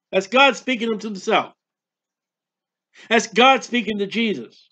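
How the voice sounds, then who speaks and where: A man's voice: high voice, animated, a little slow, long pauses, sharp tone, lo-fi sound. A man preaching a Bible teaching with fervent delivery, firing off rhetorical questions and declaiming scripture. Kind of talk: sermon-style Bible teaching.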